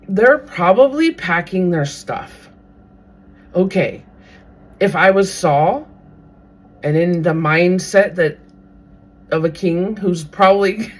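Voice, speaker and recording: A podcast host retelling a Bible story in a casual, animated way, now and then acting out what the characters might think. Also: medium pitch. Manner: animated, briefly acts out characters' thoughts.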